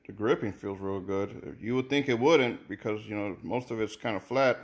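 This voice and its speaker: A man's voice: fairly low pitch, moderate pace, creaky. A man casually reviewing sneakers, thinking aloud with many repeated words and restarts. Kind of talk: casual unboxing commentary.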